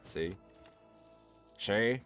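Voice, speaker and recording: A man with a Midwestern accent talks through his card game run, explaining each choice to viewers as he thinks it over. His voice is very low and smooth. Soft music plays faintly underneath. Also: extremely slow. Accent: American Midwest. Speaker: gameplay commentator. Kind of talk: relaxed let's-play commentary.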